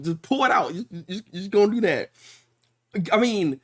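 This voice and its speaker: A man's voice: high-pitched, moderate pace. Hyped guy streaming his reaction, voice jumping all over, swearing casually, echoey untreated room. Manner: excitable, exclamatory, casual swearing, frequent restarts. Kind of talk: live reaction commentary. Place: untreated room with noticeable echo.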